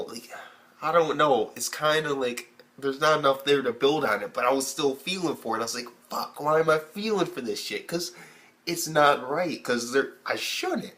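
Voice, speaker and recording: A young man rants through an anime episode review in a loose, profane, conversational way. He keeps jumping into quick impressions of the characters, his voice shooting up high in disbelief before dropping back to his ordinary middle-pitched talk. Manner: animated, heavy swearing, acts out characters in high squeaky bursts. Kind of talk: casual profane video review.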